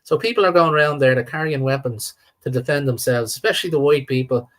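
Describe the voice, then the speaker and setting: An older Irishman appears as a guest on a live-stream chat, rambling along, repeating words and letting sentences trail off. His mid-range voice is fast and slightly bright.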